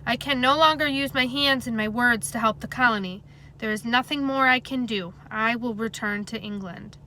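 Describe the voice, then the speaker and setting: A woman reading aloud as a badly wounded colonial captain, speaking hoarsely and gravely in a hushed voice. His tone is bright and keen despite the pain, and his lines come slow and halting in a storybook reading. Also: on the high side, a little hiss or hum, rough recording. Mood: grave, weary. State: hoarse whisper.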